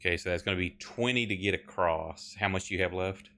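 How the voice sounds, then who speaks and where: This man has a very low voice and runs the tabletop game as game master. He talks in a halting way, with frequent filler pauses, as he counts moves and narrates the scene. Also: sharp tone.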